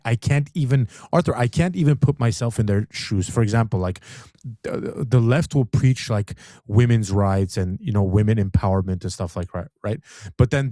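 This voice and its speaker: A man co-hosts a casual live commentary stream, talking fast and loose, full of restarts and filler words. His voice is dark and mellow. The sound is close and dry. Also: fairly low pitch, no room sound. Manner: rambling, many restarts and filler "like". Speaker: co-host.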